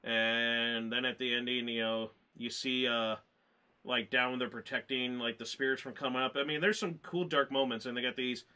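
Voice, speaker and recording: A man co-hosting a casual movie review, rambling and excited, often laughing. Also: mid-range voice, normal speed, clear, resonant tone.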